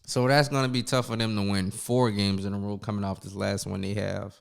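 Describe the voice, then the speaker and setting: A man's voice: fairly low pitch, level tone, brisk, gravelly. A man hosting a casual sports recap, talking loosely and calling viewers y'all, with his speech slightly slurred from a numb mouth after the dentist. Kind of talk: casual solo sports commentary.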